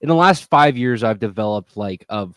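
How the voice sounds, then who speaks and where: A man's voice: fairly low pitch, lively intonation, normal speed, a bit bright, smooth, no room sound. A man hosting a podcast in crude, profane, rambling casual chat. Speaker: podcast host.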